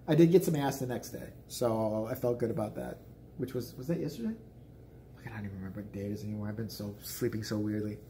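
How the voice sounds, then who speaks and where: A man's voice: fairly low pitch, steady tone, quick pace, mellow, a little hiss or hum. A man in his forties telling a story as a vlogger, in a profane, exasperated, ranting way. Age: 40s.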